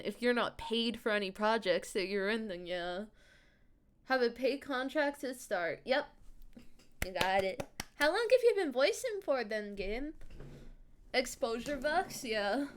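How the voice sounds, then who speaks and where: Woman streamer, casual chat, animated, frequent laughter, swearing, higher put-on voice. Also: slight background noise. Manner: puts on a higher character voice. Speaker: streamer and voice actor.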